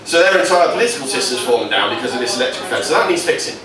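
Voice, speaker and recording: A man's voice: mid-range voice, big pitch swings, rapid-fire, recorded from a distance, a crowd in the background. A man doing stand-up comedy, rambling into absurd stories. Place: comedy venue. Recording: echoey venue from afar, noisy.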